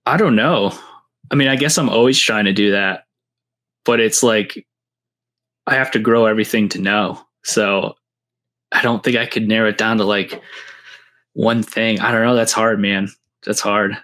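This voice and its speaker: A man's voice: fairly low pitch, steady tone, a little slow, pauses often, a bit bright. Rambling New man telling stories. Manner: rambling, full of "like" and restarts. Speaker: podcast guest, seed breeder. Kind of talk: casual storytelling.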